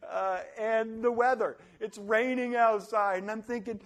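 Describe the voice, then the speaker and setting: A young adult man giving a motivational talk, animated, acting out complainers in high voices. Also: unhurried, few pauses. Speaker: motivational speaker.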